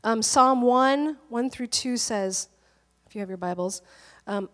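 Chatty woman pastor with a high voice. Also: a bit bright, in a large hall. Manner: chatty storytelling, laughs often. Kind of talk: conversational sermon.

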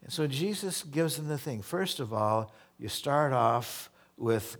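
A man's voice: medium pitch, animated. Man preaching a conversational sermon. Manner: reads scripture slowly, then explains in casual asides; conversational, repeats words and restarts. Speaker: pastor.

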